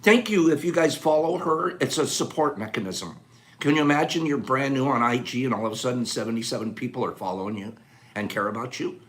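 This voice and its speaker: A man's voice: mid-range voice, a little fast. A man hosting a casual livestream, chatting and greeting viewers by name. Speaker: livestream host.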